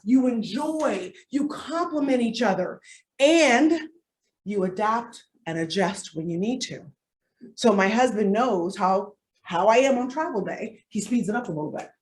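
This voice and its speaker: A woman giving a live workshop as a coach, animated and playful, with comic asides to her audience. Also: on the high side. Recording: echoey room, distant mic.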